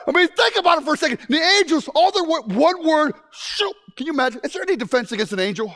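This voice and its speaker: A man preaches a sermon in a very high-pitched voice, talking fast with few pauses. He tells stories animatedly and often restarts his sentences.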